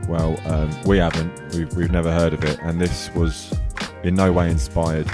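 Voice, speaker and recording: A man's voice: sits low, level tone, moderate pace, over music. A man rambling through a jokey improvised freestyle rap, his mouth burning from spicy food. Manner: rambling, jokey, breathless rhyming.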